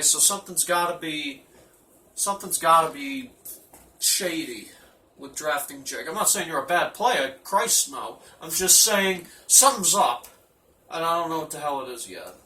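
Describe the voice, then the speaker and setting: A man doing a comic locker-room roll call as team manager, rambling, profane and mock-gruff. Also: on the high side, pushed and bright, reverberant, far from the mic. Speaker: team manager giving a speech.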